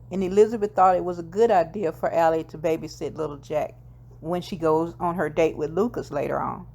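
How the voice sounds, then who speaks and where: A woman's voice: fairly low pitch, creaky, a little mellow. A woman casually retelling a TV episode scene by scene, quoting the characters' lines in her ordinary voice, with the odd filler and self-correction. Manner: retells scenes step by step, quoting dialogue in plain voice. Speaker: TV episode recapper. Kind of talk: casual plot recap.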